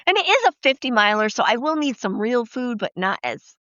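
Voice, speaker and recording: Profane, lively woman telling stories. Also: a little high, a little fast, no echo. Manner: profane, lively storyteller acting out quotes. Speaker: podcast host. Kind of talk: casual storytelling chat. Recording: dull, dry lo-fi podcast audio.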